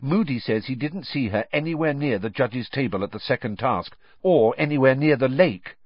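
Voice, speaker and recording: A man's voice: mid-range voice, lively intonation, moderate pace, no room sound, muffled recording, pitched above the performer's own voice, lightly acted. A man voicing a clever, earnest teenage girl in an audiobook. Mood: insistent.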